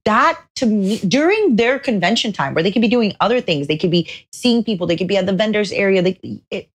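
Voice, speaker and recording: A woman with a mid-pitched, very lively voice co-hosts a VTuber podcast in casual chat. She talks animatedly and expressively, and she repeats phrases for emphasis. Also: a little fast. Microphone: personal microphone.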